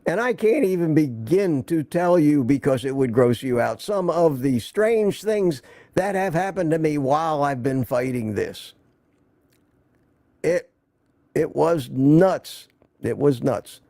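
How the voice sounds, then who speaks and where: Older guy rambling and cracking jokes on his stream, gravelly dark voice, dry sound, still getting over being sick. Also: on the high side, animated, slow pace, dry recording. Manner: joking, rambling, reads viewer comments aloud. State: recovering from illness. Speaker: host of a live stream. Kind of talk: casual live stream chat.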